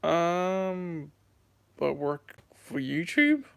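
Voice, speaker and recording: Talking extremely slowly, a late-teen American livestreamer uses a slightly high, clean voice with vocal fry and big pitch swings. He holds his phone and chats casually with viewers, rambling and circling back over what he's said.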